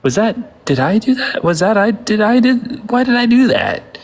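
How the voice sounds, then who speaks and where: A man's voice: sits high, sing-song, moderate pace, voice pushed up, exaggerated voice. A man doing an impression of a nerdy, clumsy teenage sitcom boy who sounds whiny and baffled at himself. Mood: whiny confused.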